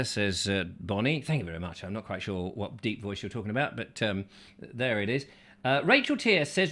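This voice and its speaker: A man's voice: on the low side, very animated, moderate pace, sharp tone. A man hosting a chatty live show, reading out viewer comments with playful, rambling asides. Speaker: host.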